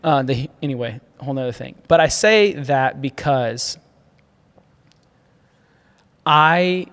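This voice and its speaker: A man sharing his founding story in an interview, earnest and grateful, animated when he tells stories. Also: medium pitch, takes it slowly, in a large hall. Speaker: agency founder, guest. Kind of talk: casual conversational interview.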